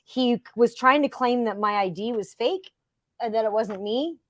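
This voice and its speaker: A woman's voice: on the high side, moderate pace, fairly bright tone, dry recording. A woman co-hosting a live author interview, telling personal stories in a candid, conversational way. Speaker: co-host.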